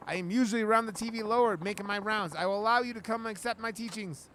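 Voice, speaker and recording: A man's voice: high voice, fast talker, pushed and bright, a little hiss or hum, rough recording. A man voicing a pompous, haughty male self-styled nobleman in his thirties who talks in flowery insults while reading a game aloud.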